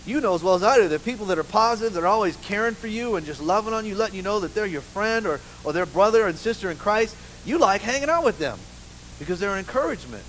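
A man preaching a sermon in church, an animated, humorous storyteller who keeps saying "you know". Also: high-pitched, quick pace, a little hiss or hum, low-quality recording. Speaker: pastor. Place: church with a live congregation.

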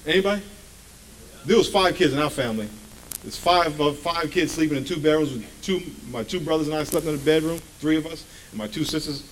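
Animated preaching man, higher voice. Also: fairly quick, a little hiss or hum, low-quality recording. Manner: animated preaching, swings between loud bursts and hushed asides. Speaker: pastor. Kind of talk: sermon.

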